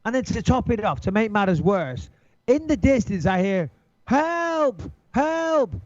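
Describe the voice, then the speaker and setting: A middle-aged man telling an animated, swearing anecdote in casual chat, acting out his own panic. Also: high-pitched, moderate pace, dry recording. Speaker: guest storyteller. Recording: dull lo-fi sound, dry.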